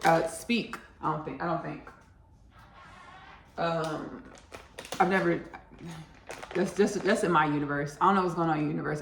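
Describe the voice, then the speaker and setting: A woman's voice: fairly low pitch, a bit bright, roomy sound, a little hiss or hum. A woman hosting a home cooking video in her kitchen, chatting in a rambling, casual way and addressing viewers as y'all. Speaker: home cook and channel host. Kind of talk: casual cooking vlog chat.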